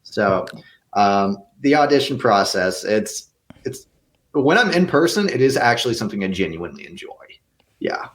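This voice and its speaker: A young man gives earnest answers in a casual interview, his voice sitting a little low. He often trips over his first words and starts again before the thought comes out. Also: very animated, normal speed. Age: young adult. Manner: earnest, with many restarts and stammered repeats. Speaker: guest actor.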